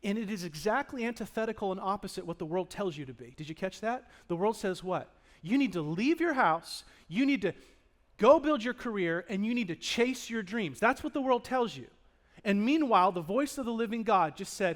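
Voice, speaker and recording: A male pastor with a notably high voice delivers a sermon in a church. He preaches with animated energy, rising to loud emphatic peaks and dropping to hushed, earnest asides. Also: a little fast. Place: church sanctuary.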